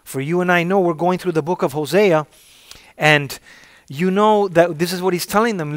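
A man preaching a sermon in a slightly raised pitch, calling out to his congregation for an amen and punching key words with sudden loud emphasis. His voice sounds dry and close. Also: moderate pace, dry recording. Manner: call-and-response, repeating "say amen if you're with me". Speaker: pastor.

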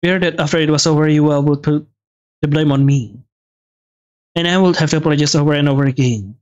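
A man's voice: fairly high pitch, rapid-fire, clear, resonant tone, muffled recording. A man reading a visual novel's text aloud as he plays, stumbling and restarting words, with brief comments of his own. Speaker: let's play gamer.

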